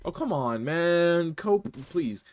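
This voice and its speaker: A man's voice: on the high side, takes it slowly. A young man streaming a game live, chatting casually and joking as he reads his chat aloud. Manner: animated, jokey, reads chat aloud, often laughs.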